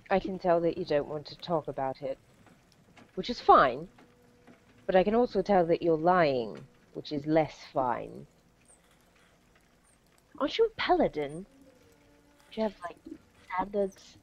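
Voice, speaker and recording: A woman's voice: on the low side, sing-song, a little slow, long pauses. A woman playing a tabletop role-playing game, speaking in character in a hesitant, wry way. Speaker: player. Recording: dull lo-fi audio.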